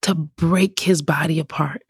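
A woman preacher giving casual, emphatic Bible teaching in a conversational, animated way. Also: sits low, unhurried, slightly rough, no room sound, clean studio sound.

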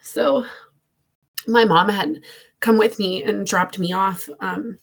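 A woman, telling an emotional personal story in a halting way, with many fillers, close to tears. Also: medium pitch, steady tone, vocal fry. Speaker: guest.

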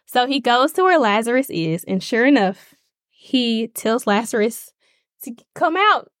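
A woman's voice: fairly high pitch, a bit bright, dry recording, clean studio sound. A woman hosting a faith podcast in a casual, emphatic way, often checking in with her listeners. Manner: conversational, emphatic, checks in with "okay?". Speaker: podcast host.

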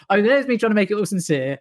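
A man's voice: high voice, big pitch swings, fairly quick, no echo. Self-deprecating man, chatty. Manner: rambling, self-deprecating, restarts often. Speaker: podcast guest, musical comedian. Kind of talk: casual chat.

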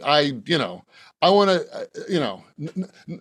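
Rambling laughing man, higher voice. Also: very animated, moderate pace, no room sound, studio quality. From Boston, Massachusetts. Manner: rambling, self-mocking, laughs often, many restarts. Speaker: author guest. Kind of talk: casual podcast interview.

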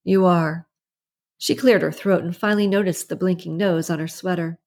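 A woman narrating an audiobook in a steady, even storytelling manner. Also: fairly low pitch, a little fast. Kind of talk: scripted narration.

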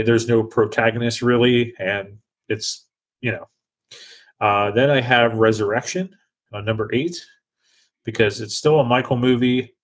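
A man hosting a casual podcast chat, talking with frequent restarts and hesitations. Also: fairly low pitch. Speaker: podcast host.

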